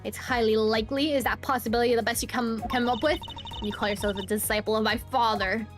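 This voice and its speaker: A woman's voice: fairly high pitch, fairly even intonation, fast, lightly acted. Haughty, cutting young woman prosecutor, read aloud by a streamer. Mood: scornful. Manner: cold, cutting, condescending. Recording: streamed voice over game music.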